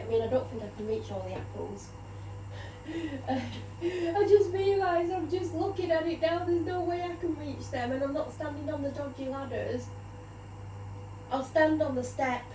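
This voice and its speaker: A woman's voice: a little high, noisy background. A tired woman rambles in casual chat about her day while cooking in her home kitchen. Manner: rambling, chatty, self-deprecating. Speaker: vlogger.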